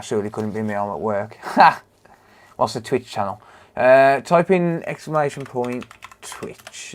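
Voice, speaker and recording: A man's voice: mid-range voice, clear, resonant tone. British guy streaming repairs, easygoing chat, keeps thanking people in chat, normal mid voice. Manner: chatty, greets and thanks viewers by name while working. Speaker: repair livestreamer. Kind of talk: casual live stream chat.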